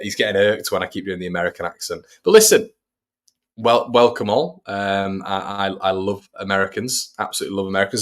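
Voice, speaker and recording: A man hosts a fan stream and talks the match through play by play. His voice sits on the low side, and he keeps his tone relaxed and chatty. He breaks off the commentary to answer viewers. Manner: chatty, reads out viewers' messages between play-by-play. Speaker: fan channel host. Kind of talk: live watch-along match commentary.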